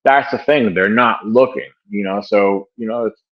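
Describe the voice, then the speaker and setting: An older man with a lowish voice, a wildlife and bigfoot researcher, answers interview questions casually at a moderate pace. He rambles, using many fillers and restarts, and chuckles. The call audio is muffled, coming from a room in his home by the garage.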